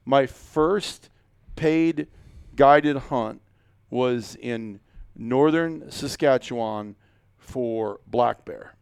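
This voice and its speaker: Rambling, jokey man with a smooth voice. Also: mid-range voice, very slow, no room sound, clean studio sound. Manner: rambling, jokey, many fillers and restarts. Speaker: podcast host. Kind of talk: casual chat.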